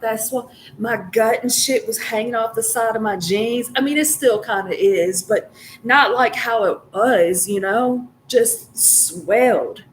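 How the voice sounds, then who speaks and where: A woman's voice: a little high, slight background noise, poor audio. A woman telling a personal story in a casual, rambling, profane and emotional way.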